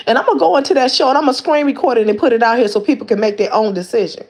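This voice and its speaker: A woman's voice: on the high side, rapid-fire, few pauses, darkish tone. A woman hosting a livestream, calling out someone in a heated rant with lots of repeated words and restarts. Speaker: livestream host.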